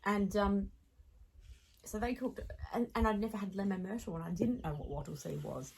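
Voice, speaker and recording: A woman with an Australian accent, a podcast guest telling stories in casual chat, animated, laughing often and restarting sentences. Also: mid-range voice, moderate pace, gravelly, slight background noise, poor audio.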